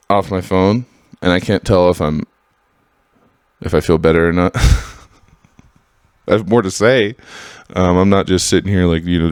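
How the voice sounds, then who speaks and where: A man hosting a podcast in a casual, heated monologue, swearing freely and swinging between loud outbursts and low mutters. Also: clean tone, dry recording, clean studio sound. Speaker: podcast host.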